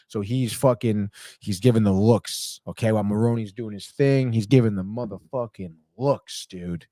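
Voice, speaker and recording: A young man hosting a podcast and excitedly recapping a TV episode, swearing often and acting out the characters' lines. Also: mid-range voice, normal speed, no room sound, studio quality. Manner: excitable, says "dude" constantly, swears, acts out the characters' lines. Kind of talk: casual chat.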